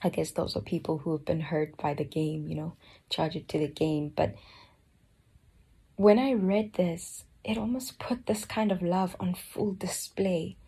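A woman giving a slow, earnest personal reflection on a Bible book, often dropping to a soft near-whisper. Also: lowish voice, fairly even intonation, husky. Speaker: Bible study speaker.

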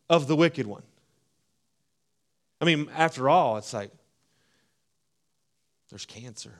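A man preaching a sermon, swinging from hushed, low phrases to loud, emphatic ones. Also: lively intonation, slow pace, long pauses. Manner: preaching with wide swings between hushed and loud, acting out voices. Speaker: pastor.

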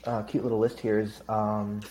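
A man co-hosting a podcast in casual chat, teasing his partner and talking in halting bursts with fillers. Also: lowish voice, completely flat delivery, a little mellow. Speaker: podcast co-host.

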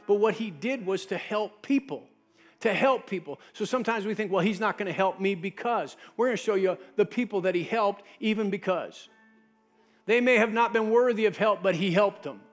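High-voiced preaching pastor. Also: male voice. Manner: preaching, drops to a soft low voice when quoting Jesus. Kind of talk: sermon.

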